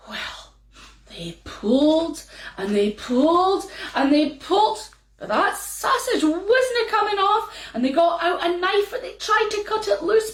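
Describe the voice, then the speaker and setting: A Scottish woman tells a folk tale slowly and playfully, her high voice leaping about. The room around her gives a roomy echo. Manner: lively, playful, drawn-out. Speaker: storyteller. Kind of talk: storytelling.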